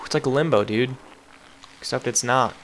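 A young man commentating on a game he plays, excitable, yelping and apologizing to the characters. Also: mid-range voice, moderate pace, slight background noise. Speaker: gameplay commentator. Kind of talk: casual gaming commentary.

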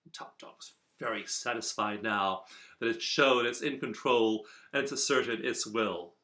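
A man teaching a recorded video lesson from his office, speaking in an earnest, measured way with repeated emphasis. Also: medium pitch, pushed and bright. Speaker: teacher of a self-help program.

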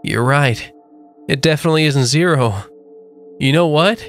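A man's voice: moderate pace, soft background music, close to an everyday voice. A man voicing a frightened young woman trapped in a deadly maze, her lines raised and anxious. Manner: anxious, pitched up.

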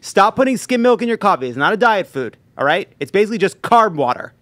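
A man's voice: high voice, sing-song, quick pace, fairly bright tone. A man in his thirties, a podcast host, ranting about food in a profane, emphatic, mock-outraged way. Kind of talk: comedic rant about food.

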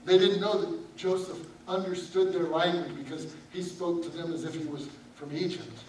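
A man's voice: on the high side, fairly even intonation, normal speed, a little mellow, a little hiss or hum. A man preaching a sermon, telling a Bible story and acting out the characters' lines. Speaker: pastor. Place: church sanctuary. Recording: echoey church hall from far off.

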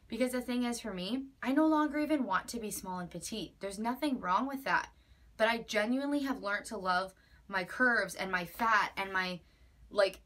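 A woman's voice: medium pitch, a bit bright. Woman, 20s, vlogger; heartfelt and emphatic, everyday mid-range voice, close to tears at moments. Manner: earnest, emphatic, with many likes and repeated phrases. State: near tears at times. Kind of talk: personal heartfelt vlog.

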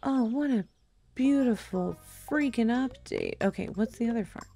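A woman hosting a let's play, giving casual gameplay commentary. She is excitable, exclaims and thinks aloud as she plays, and talks straight to her viewers. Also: fairly high pitch, moderate pace, vocal fry, soft background music.

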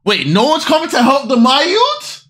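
A woman hosting a casual reaction video. She is excitable and loud, repeats phrases over and over, and swears freely. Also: high-pitched, unhurried.

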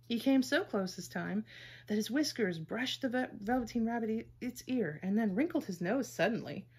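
A woman gently reading a children's story aloud in a measured way. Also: on the high side, animated, breathy edge.

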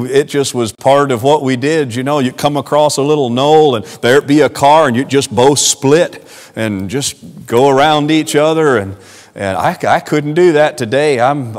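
In a church sanctuary echoing with the long reverb of its hall, a West Virginia pastor preaches earnestly and homespun at a measured pace. The man speaks at medium pitch with a West Virginia Southern accent, his first language being the Amish dialect of German.

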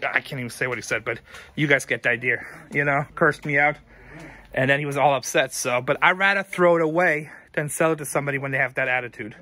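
A man's voice: medium pitch, quick pace, sharp tone. A tired man who runs a thrift store, talking casually to his viewers with rambling, frank advice. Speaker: thrift store owner and vlogger. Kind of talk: casual talk to camera.

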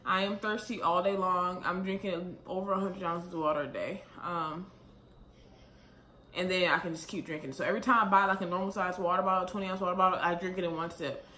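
A young pregnant woman talking to camera in a casual vlog, a little out of breath and rambling quickly with lots of fillers. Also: fairly low pitch, steady tone, bright, forceful tone. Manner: chatty, rambling, fast with many fillers. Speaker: vlogger. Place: room at home, late at night. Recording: echoey room with faint ambient noise.

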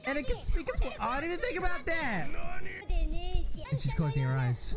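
A young man reacting to an anime episode in casual commentary, excitable and swearing, with sudden high yelps. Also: normal speed, loud music behind the voice.

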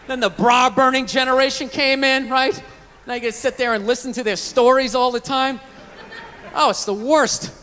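A man's voice: very high-pitched, fairly even intonation, moderate pace, bright, forceful tone, slight background noise. A male stand-up comedian in a profane, ranting routine, acting out mocking voices for the people in his stories. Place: stage clip played inside a reaction video.

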